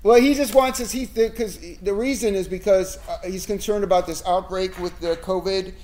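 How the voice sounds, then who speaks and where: A man's voice: high voice, fairly even intonation, normal speed, darkish tone. A man teaching an informal Bible study in a small room, conversational and emphatic, often checking in with "right?".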